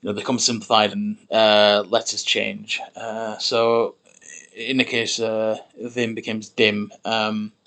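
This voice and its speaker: A man's voice: on the low side, completely flat delivery, unhurried, fairly bright tone. A man streaming himself building a made-up language, thinking aloud while typing, muttering and repeating words to try them out. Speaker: conlang streamer.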